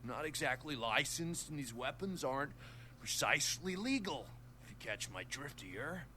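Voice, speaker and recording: An actor playing a wary back-room gun dealer in a video game, with a gravelly, hushed voice. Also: male voice, normal speed. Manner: cagey, low-voiced warnings. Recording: game audio with steady noise.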